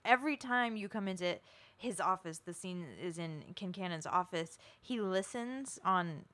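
A woman's voice: fairly low pitch, normal speed, fairly bright tone. A woman co-hosting a podcast in casual chat, talking emphatically and swearing now and then. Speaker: podcast co-host.

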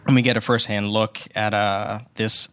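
A man's voice: on the low side, moderate pace, slight background noise. Rambling man on a film podcast. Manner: rambling, self-correcting, animated asides. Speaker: podcast co-host. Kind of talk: casual film review chat.

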